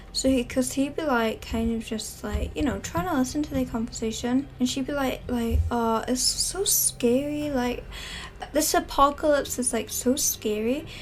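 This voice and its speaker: A woman's voice: on the high side, a little mellow. A woman casually narrating a game story with many fillers. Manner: chatty, filler-heavy with "like".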